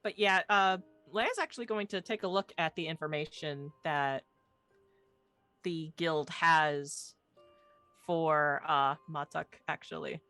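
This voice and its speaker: Bright-voiced woman playing a tabletop game. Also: low voice, slow pace, faint music behind. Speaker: player. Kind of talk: casual tabletop role-play.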